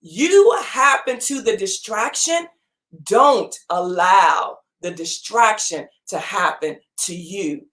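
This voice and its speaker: A woman's voice: medium pitch, expressive, slow pace, a bit bright. A woman giving a motivational talk to her audience, preaching with repeated phrases for emphasis. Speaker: motivational speaker and gym owner.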